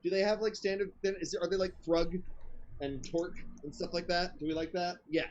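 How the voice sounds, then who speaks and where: A man running a tabletop game as game master, playful and quick to laugh. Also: high voice, steady tone, dull audio, slight background noise.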